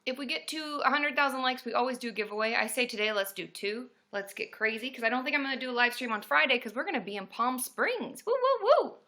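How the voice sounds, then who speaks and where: A woman therapist hosting a casual live stream from a room at home, greeting viewers by name and breaking into loud cheers. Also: a little high, quick pace, few pauses.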